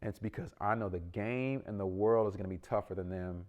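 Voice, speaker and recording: A man's voice: on the low side, fairly quick, darkish tone. A middle-aged man, a parent and youth basketball coach, giving an earnest, rambling update with lots of ums and restarts. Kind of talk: casual vlog update.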